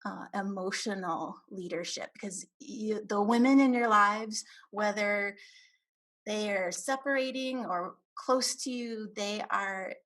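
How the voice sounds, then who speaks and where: A woman's voice: medium pitch, slow pace, fairly bright tone. A woman co-hosting a relationship coaching talk, explaining reflectively.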